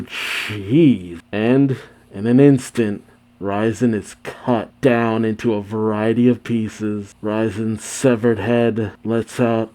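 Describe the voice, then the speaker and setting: A man reading a manga aloud as host of a reaction video, narrating and adding animated, amused asides. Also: on the low side.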